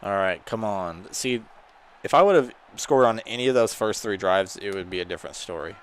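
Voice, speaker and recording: A man giving live commentary on his own gameplay, excitable and shouting at his players during big plays. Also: fairly low pitch, brisk, slight background noise. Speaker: gaming channel host.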